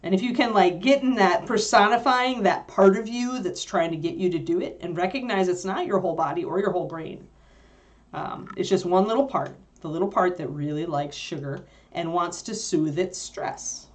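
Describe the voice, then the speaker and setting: A woman with a somewhat low voice co-hosts a livestream in casual chat. She rambles through her thoughts with plenty of fillers and laughs easily as she answers viewers. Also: normal speed.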